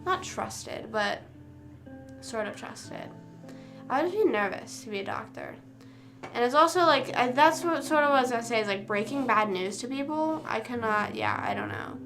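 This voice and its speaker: A woman's voice: on the high side, big pitch swings, normal speed, over music. A young woman streamer rambling casually to her live chat, self-deprecating and often trailing off. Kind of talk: casual chat with livestream viewers.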